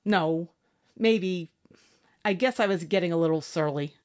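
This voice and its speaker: A woman's voice: fairly low pitch, a little slow, natural voice. A woman voicing a brash, snappish spacefaring bosun. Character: tough, blunt young woman ship's bosun. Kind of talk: audiobook character acting.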